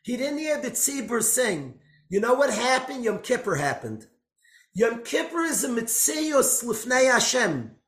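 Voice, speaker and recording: A man's voice: very high voice, big pitch swings, a little slow. Impassioned man preaching in an echoey room. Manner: dramatic, swings between loud outbursts and hushed lines. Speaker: speaker giving a religious talk. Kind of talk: impassioned storytelling sermon.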